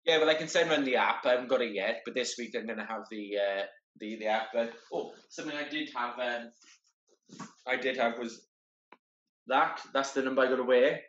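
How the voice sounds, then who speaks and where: A man talks in a middle-pitched voice, earnest and halting, doubling back over his words as he goes. He is heard over a video call, and the sound is roomy and a little dull and lo-fi. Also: fairly bright tone. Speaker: guest, wheelchair marathon entrant. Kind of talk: casual conversation.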